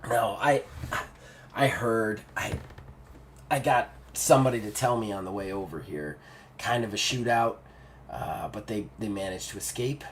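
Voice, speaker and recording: A man voicing Kelly, an injured, focused woman who talks in short, flat sentences. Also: rumbling low, a little slow, a little hiss or hum, pitched below the performer's own voice. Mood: determined.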